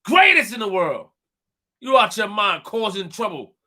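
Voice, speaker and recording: Brash, high-voiced man ranting on a live stream. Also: big pitch swings, measured pace, sharp tone. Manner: boastful, emphatic, repeating phrases and stumbling over words. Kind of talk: fired-up live-stream rant.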